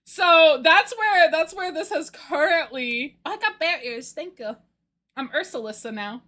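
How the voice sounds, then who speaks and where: A young woman streamer chatting casually, gushing excitedly about a story she loves and laughing often. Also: sits high, a little slow. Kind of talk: casual chat recapping a story.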